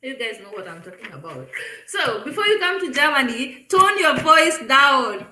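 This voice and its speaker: A Kenyan woman chats casually on a live stream in a high, bright voice. She talks animatedly, laughs often and mixes Swahili phrases into her English. The sound is echoey, as if from a bare room. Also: very animated, normal speed.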